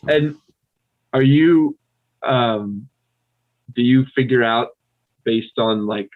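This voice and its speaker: American guy guessing out loud, laughs a lot, sounds like a thin phone line. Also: mid-range voice, slow pace. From United States. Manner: thinks aloud, laughs easily. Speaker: podcast co-host. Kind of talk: casual bilingual chat.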